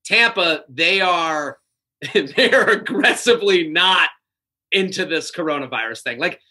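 High, bright-voiced man telling stories. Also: measured pace, breathy edge. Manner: animated storyteller who acts out quotes. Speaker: comedian guest. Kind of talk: casual podcast chat.

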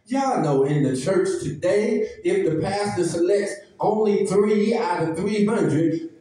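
A man's voice: sits high, takes it slowly, mellow, very echoey, far from the mic, low-quality recording. A man preaching a sermon as pastor, emphatic and folksy, calling out to his congregation. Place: church sanctuary.

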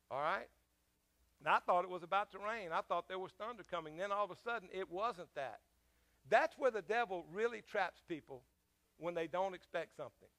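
A man's voice: high voice, gravelly, fairly bright tone. A man preaching a sermon as pastor, telling a personal story in a conversational way, with frequent fillers and questions to the congregation.

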